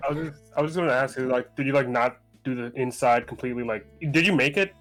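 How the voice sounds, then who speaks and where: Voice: mid-range voice, fast, over music. A person chatting casually on a stream, asking questions in a hesitant way with stammering restarts. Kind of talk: casual chat.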